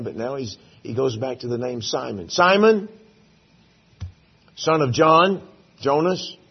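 A man's voice: fairly high pitch, slightly rough, dull audio. A male pastor preaching a sermon in a church, telling a Bible story folksy-style and acting out the dialogue. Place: church sanctuary.

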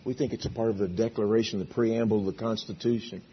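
A man's voice: on the low side, fairly even intonation, fast, dull audio, slight background noise. A male preacher giving a folksy, story-filled sermon, acting out characters in a church auditorium.

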